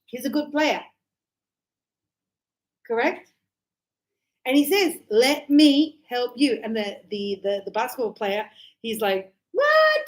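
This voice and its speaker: A middle-aged woman with a high voice teaches an English class in a lively, chatty style, often slipping into short acted-out example dialogues to make her point. She speaks slowly with long pauses, and the audio quality is poor.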